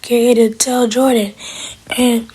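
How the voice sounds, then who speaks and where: A woman's voice: a little high, flat delivery, mellow, husky, poor audio. A woman hosting a casual vlog, chattily recapping a TV episode scene by scene. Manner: chatty, retells scenes in quick "she's like" quotes. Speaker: TV episode reviewer.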